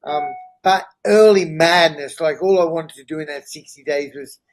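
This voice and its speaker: A middle-aged man speaks as a podcast guest, his voice sitting a bit higher than most men's. He tells his story in a candid, earnest way, and he often pauses to check in with the listener. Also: rough recording. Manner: earnest, checks in with "right?" and "you know?".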